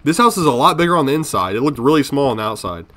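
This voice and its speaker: A man's voice: mid-range voice, very animated, rapid-fire, sharp tone, a little hiss or hum. A man giving casual commentary on a horror game, jumpy and swearing, talking to himself and his viewers. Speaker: gaming video creator.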